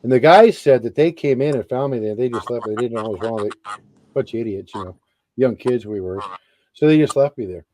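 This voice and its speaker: A middle-aged man and Army veteran telling a story in a casual interview, animated and swearing freely. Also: mid-range voice, fairly quick, background noise.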